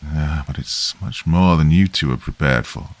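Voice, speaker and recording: A man voicing a worried man in his late fifties with a Liverpool accent, warning gravely in a story reading. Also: very deep voice, moderate pace, dry recording. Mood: ominous.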